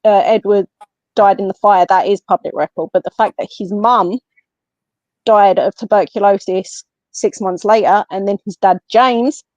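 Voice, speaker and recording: An English woman tells a personal story as a podcast guest, chatting casually at a middling pitch. She is animated and acts out the lines of the people in her story. The recording is dry and slightly dull, like lo-fi call audio. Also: normal speed, no echo. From England. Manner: animated, tells the story by acting out what others said. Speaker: guest, medium and paranormal investigator.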